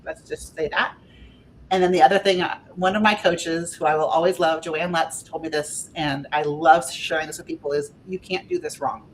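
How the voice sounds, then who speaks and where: A woman guesting as a spiritual life coach on a podcast, talking in a gentle, earnest, reflective way. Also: sits low, steady tone, moderate pace, slight background noise. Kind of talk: podcast conversation.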